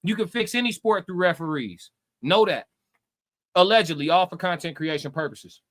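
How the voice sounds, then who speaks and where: A man's voice: high-pitched, normal speed, fairly bright tone. A man hosting a live reaction stream, reading his chat aloud and answering with brash, profane, taunting trash talk that repeats itself.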